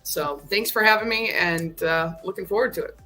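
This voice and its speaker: Lady on a stream panel, lowish voice, easygoing hello, um here and there. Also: moderate pace, soft background music, low-quality recording. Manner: relaxed, friendly, hesitant with ums. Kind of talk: casual panel chat.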